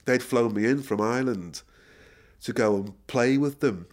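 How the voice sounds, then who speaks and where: A middle-aged man, a musician guest, telling a story in a casual interview, laughing and correcting himself as he goes. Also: medium pitch. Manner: animated storyteller, quick self-corrections, frequent laughter.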